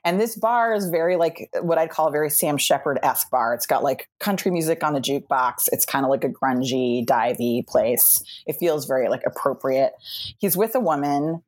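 A woman's voice: deep voice, expressive, normal speed, darkish tone. A woman from New York, a comedy podcast guest, telling a casual anecdote over a remote call, chatty and laughing often between phrases. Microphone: remote video call.

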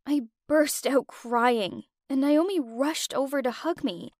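Expressive young woman narrating a story. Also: high-pitched, slow, no echo, studio quality. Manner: expressive, emotional. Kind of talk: first-person scripted narration.

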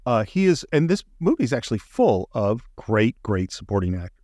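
A man's voice: lowish voice, big pitch swings, brisk, a little mellow, no room sound. Man retelling a film scene, dry sound. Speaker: podcast co-host. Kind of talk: casual film discussion.

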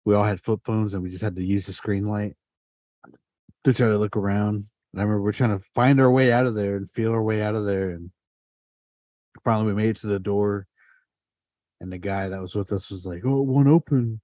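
A man's voice: lowish voice, brisk, long pauses, dry recording. A man hosting a podcast, telling a story casually with lots of fillers and swearing. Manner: animated, swears often, heavy fillers. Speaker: podcast host.

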